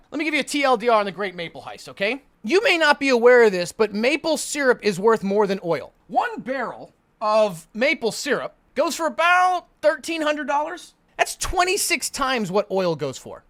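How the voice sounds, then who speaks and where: A man's voice: very high voice, moderate pace, dry recording. A man streaming live, telling a story casually, with lots of swearing, repetition and restarts. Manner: profane, rambling, animated, repetitive.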